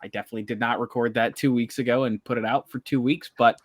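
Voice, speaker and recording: A man co-hosting a podcast at a middling pitch, recorded dry with no room echo. He speaks haltingly and a bit self-consciously, leaning on fillers like "like" and "uh". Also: steady tone. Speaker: podcast co-host. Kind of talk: casual podcast chat.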